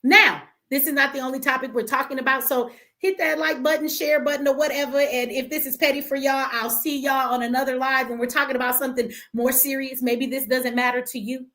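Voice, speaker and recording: Livestream host, woman, middle-aged; blunt, profane, impassioned; high pitch. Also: fairly even intonation, a little fast, sharp tone. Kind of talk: emotional livestream rant.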